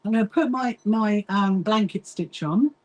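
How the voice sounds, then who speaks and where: A woman's voice: mid-range voice, normal speed, darkish tone, low-quality recording. A middle-aged woman chats casually to viewers while she sews, reading out their comments and laughing often. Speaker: livestream host. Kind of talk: casual chat while sewing.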